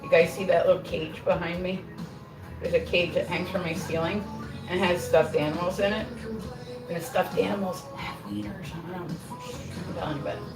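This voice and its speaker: A middle-aged livestream host speaks fairly quickly with fairly even intonation in a voice on the low side, chatting casually and swearing freely while she bakes at home. Her kitchen sounds roomy, the mic is distant, and music plays.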